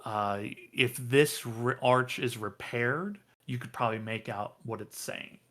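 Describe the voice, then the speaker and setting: A man narrating a tabletop game as game master, halting with many ums and uhs. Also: mid-range voice, fairly bright tone.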